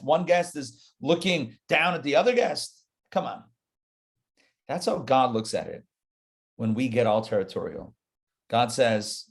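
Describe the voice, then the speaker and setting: A man, a rabbi, teaching a live Torah class in an animated, conversational way, talking straight to his listeners. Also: mid-range voice, moderate pace.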